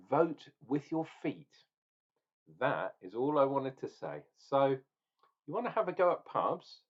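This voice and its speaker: A man's voice: medium pitch, dull audio. A man ranting and tasting beer in a casual review vlog, opinionated and swearing now and then.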